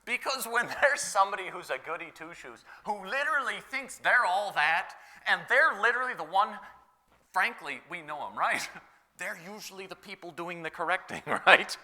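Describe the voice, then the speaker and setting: A man preaching a sermon in a church, in a loose, conversational way, full of "you know" and "like" and quick laughs. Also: high-pitched, animated, sharp tone.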